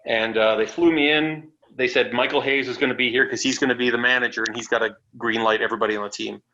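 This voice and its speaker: A man from Canada, a wrestler guest on a podcast interview, telling stories in a casual, animated way, swearing freely and acting out what others said. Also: medium pitch, quick pace. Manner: animated, swearing, acts out quotes. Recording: dull lo-fi audio with faint noise.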